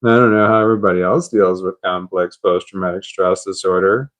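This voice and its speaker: A man's voice: low-pitched, flat delivery, brisk, fairly bright tone. A man chatting on a live stream, puzzled and rambling, laughing at himself.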